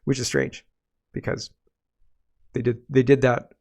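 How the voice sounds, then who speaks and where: A man's voice: medium pitch, level tone, a little slow, darkish tone. A man giving casual political commentary, sarcastic and ranting, often laughing at what he reacts to.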